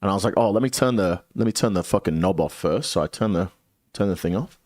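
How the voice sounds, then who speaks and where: A young man streamer telling a story in a casual way, animated and swearing a lot. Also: low voice, fast, no room sound, clean studio sound.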